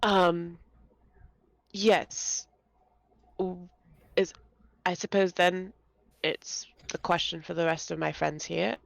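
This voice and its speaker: Low, creaky, slow-talking woman player. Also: little pitch movement, no room sound. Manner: hesitant, questioning. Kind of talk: in-character tabletop play.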